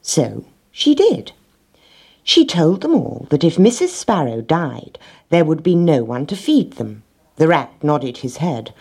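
Husky low-voiced woman reading a storybook. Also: sing-song, unhurried, darkish tone.

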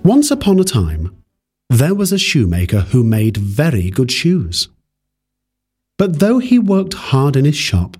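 A man reading a fairy tale aloud in a measured, expressive way. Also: mid-range voice, husky. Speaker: storyteller.

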